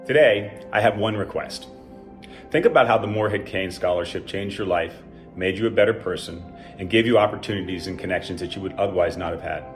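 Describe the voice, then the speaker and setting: A man in his sixties reading a scripted personal story in a dry, self-deprecating way. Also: low voice. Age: 60s. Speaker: alumnus telling a personal story.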